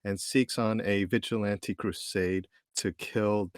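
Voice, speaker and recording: A man's voice: lowish voice, steady tone, takes it slowly, no room sound, studio quality. A man appearing as a guest on a casual podcast, blunt and sweary. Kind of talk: casual group chat.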